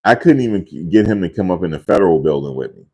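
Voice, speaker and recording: A man's voice: sits low, expressive, quick pace, dark tone, slightly rough, muffled recording. A man casually telling a rambling family story in a loose, slangy way, often repeating himself.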